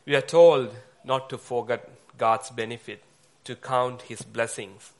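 Halting male preacher. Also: mid-range voice, fairly even intonation. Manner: halting, with fillers and pauses. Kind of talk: sermon.

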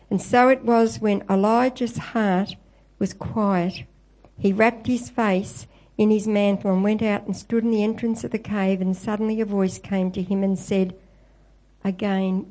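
A woman preaches a sermon in a warm, mellow voice of middle pitch. She retells scripture as a story and lifts her voice when she quotes it. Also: fairly even intonation, unhurried, poor audio. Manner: storytelling, quoting scripture with lifted voice.

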